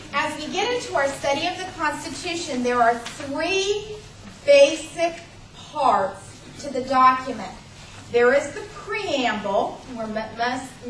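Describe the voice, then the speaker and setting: A woman teaching a church class, explaining history in a clear, measured lecture with emphatic pauses. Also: sits high. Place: large church room. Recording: echoey room from far off, faint hiss.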